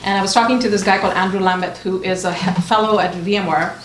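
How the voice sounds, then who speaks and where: Expressive woman storyteller in an echoey room. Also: medium pitch, quick pace. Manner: animated storytelling, acting out quoted friends. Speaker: author on a panel. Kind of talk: panel discussion. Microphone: distant mic. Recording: echoey room, distant mic, noisy.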